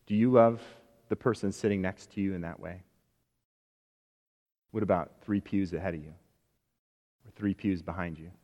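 A man's voice: deep voice, steady tone, moderate pace, long pauses. Emphatic male preacher in a reverberant church. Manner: emphatic, with phrases falling soft at the ends. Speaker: pastor. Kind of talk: sermon. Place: church sanctuary.

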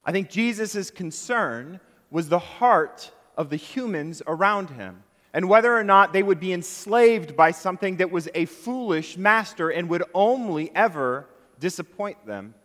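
A man's voice: high-pitched, expressive, measured pace, a bit bright. Guy pastor giving a laid-back sermon, long church hall echo. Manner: conversational, self-deprecating preaching. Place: church sanctuary. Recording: long reverb of a large hall.

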